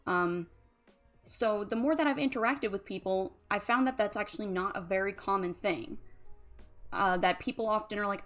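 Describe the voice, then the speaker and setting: A woman's voice: medium pitch, normal speed, a bit bright, soft background music. A woman, a drowsy, yawning streamer who rambles casually about emotions with lots of fillers. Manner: rambling, chatty, many fillers. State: sleepy, yawning.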